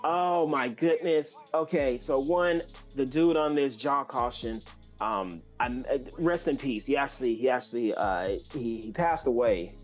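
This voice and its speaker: A man from California, a guest musician, telling a long story in a loose, animated way with many fillers and restarts. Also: medium pitch, measured pace, faint music behind. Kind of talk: casual storytelling.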